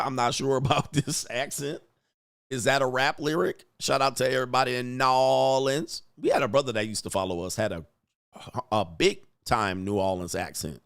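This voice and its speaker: Man, livestream host, casual commentary, profane, animated storyteller, home studio. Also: medium pitch, moderate pace, creaky, smooth.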